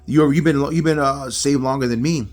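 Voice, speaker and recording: A man's voice: medium pitch, brisk. A man giving a casual Bible study talk to viewers, telling stories animatedly. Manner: animated storyteller who acts out scenes.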